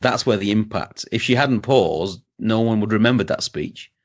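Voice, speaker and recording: A man's voice: lowish voice, moderate pace. A man hosting a podcast interview, eager and agreeable, often restarting his sentences. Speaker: podcast host. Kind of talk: casual interview chat.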